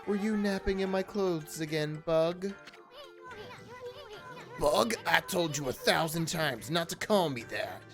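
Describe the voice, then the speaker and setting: A woman's voice: low-pitched, expressive, full character voice. Woman doing a cocky tiny bug artist. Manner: boastful, brash, fast-talking. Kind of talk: reading game dialogue aloud. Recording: game music behind.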